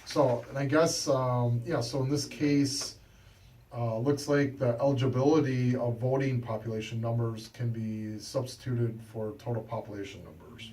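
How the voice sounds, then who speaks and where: A man's voice: mid-range voice, fairly even intonation, normal speed, warm tone, recorded from a distance, poor audio. A male talk show host chatting casually about court cases, joking sarcastically and reading from an article. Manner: sarcastic, jokey, reads from an article. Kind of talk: casual political talk chat. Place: radio studio.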